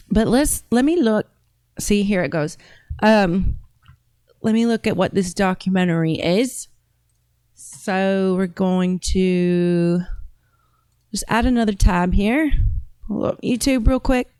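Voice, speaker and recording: A woman's voice: medium pitch, darkish tone, smooth, dry recording. A woman podcast host chatting casually and thinking aloud as she browses and reads comments out, her accent drifting between a British-tinged and a Southern sound. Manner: rambling, thinks aloud with fillers.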